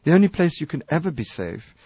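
A man's voice: fairly high pitch, sing-song, fast, darkish tone, slightly rough, no room sound. Earnest man on muffled radio. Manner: earnest, emphatic, repeats phrases for stress. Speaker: guest speaker on spirituality. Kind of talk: impassioned spiritual talk.

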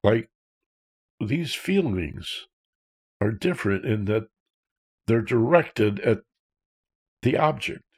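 A man's voice: fairly low pitch, expressive, slow, long pauses, darkish tone, breathy edge. A man, a counselor, talking earnestly about fear and childhood feelings, posing rhetorical questions. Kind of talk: talk on emotional self-awareness.

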